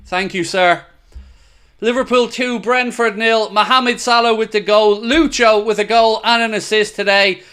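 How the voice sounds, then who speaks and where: A man hosting a live football watchalong, excitable and blunt, swearing freely as he talks. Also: sits high, unhurried, clear, resonant tone. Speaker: host of a fan watchalong.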